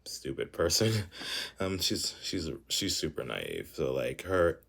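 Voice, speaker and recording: A young man with a very low voice tells a story at a casual pace. He talks in an animated, rambling way, packed with fillers and frequent swearing. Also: takes it slowly, gravelly. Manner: animated, filler-heavy, profane ranting.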